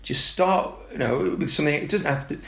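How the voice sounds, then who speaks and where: A man, a youth football coach talking casually and telling animated stories. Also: fairly quick, creaky, echoey room. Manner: animated storyteller, mimics excited kids in a high voice. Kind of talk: casual podcast chat.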